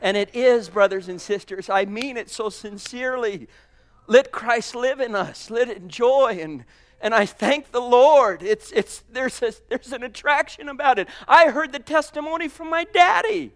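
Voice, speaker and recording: Male preacher, high voice, smooth resonant tone, fervent, loud then hushed, sermon. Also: normal speed. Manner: fervent, swinging from loud exclamations to hushed asides.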